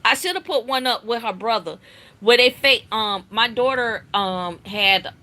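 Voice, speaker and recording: Bright-voiced chatty woman storyteller. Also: fairly high pitch, measured pace. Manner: animated, chatty, acts out family members' voices. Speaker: livestream host. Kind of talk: casual storytelling chat.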